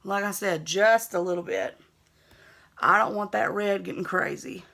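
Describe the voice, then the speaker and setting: A woman's voice: mid-range voice, normal speed, vocal fry, a bit bright. A young woman with a Southern US accent, chatting easygoing and self-teasing as she narrates a makeup tutorial. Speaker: beauty vlogger.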